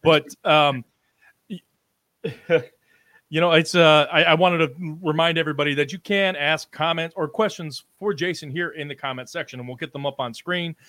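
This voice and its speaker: A man hosting a casual live-stream interview, talking in halting bursts with frequent ums and restarts while he reads out viewer comments. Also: fairly high pitch, fairly even intonation, a bit bright, no room sound. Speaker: livestream interview host.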